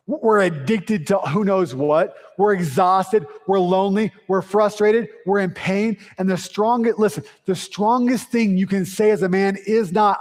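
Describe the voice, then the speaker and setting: A man preaching in a church, his voice a little high for a man and ringing with the long reverb of a big hall. He talks in a punchy, conversational way, with quick asides and dry sarcasm. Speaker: pastor. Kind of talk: sermon. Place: church sanctuary.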